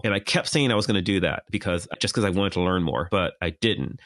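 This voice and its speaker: A man's voice: low voice, fast talker, a bit bright, no echo, studio quality. A man in his thirties co-hosting a podcast, casually telling a rambling, self-deprecating story and acting out the dialogue. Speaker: podcast co-host.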